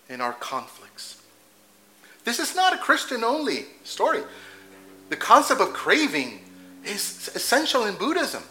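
A man's voice: extremely high pitch, bright, forceful tone, poor audio. A man preaching a sermon in a conversational way, laughing at his own asides and correcting himself as he goes.

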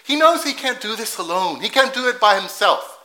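A man delivers a sermon in a church. His voice is high and very bright, and he swings widely in pitch as he asks questions and acts out the quotes. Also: big pitch swings, moderate pace, rough recording. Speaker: preacher.

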